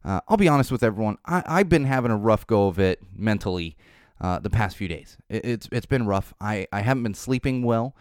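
Casual podcast host, male, tired, rambling; animated pitch, dry close recording. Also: brisk, smooth, dry recording. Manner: rambling, speaks off the cuff with tangents. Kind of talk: casual unscripted monologue.

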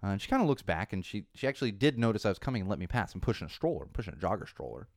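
A man's voice: lowish voice, sing-song, racing, dry recording, clean studio sound. A man hosting a podcast, rambling through a casual monologue that turns into an indignant rant. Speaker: podcast host. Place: Los Angeles.

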